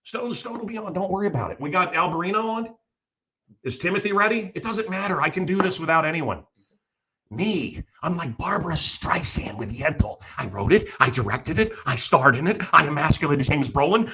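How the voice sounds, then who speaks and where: A man's voice: a little high, lively intonation, a little fast, bright, forceful tone, husky. A man hosting a talk show, delivering a sarcastic, ranting comedic monologue full of mocking asides. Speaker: radio show host.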